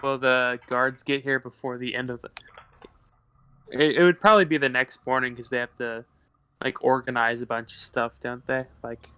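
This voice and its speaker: A man's voice: mid-range voice, fairly even intonation, normal speed, pushed and bright, clear, resonant tone. A man playing a tabletop game who teases his friends and thinks aloud about the plan. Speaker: player. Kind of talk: casual tabletop game chat.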